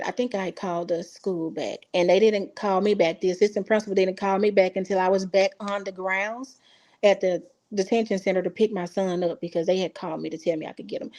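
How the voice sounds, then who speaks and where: A woman's voice: mid-range voice, a little mellow. Mother from Texas recounting a story. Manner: emotional storytelling, acts out quoted dialogue. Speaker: interview guest. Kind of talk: casual recounting.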